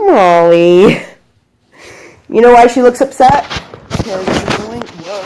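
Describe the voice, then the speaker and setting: A woman's voice: mid-range voice, slow pace, heavy background noise. A woman who works as a dog groomer, chatting casually in a home vlog, rambling and talking to her dog, sometimes dropping to a whisper.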